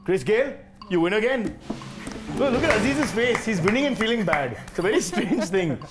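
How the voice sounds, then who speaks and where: Brief: Indian English male quiz host, high voice, teasing banter, faint music under. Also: very animated. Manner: playful, teasing, quick asides. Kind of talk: joking game show hosting.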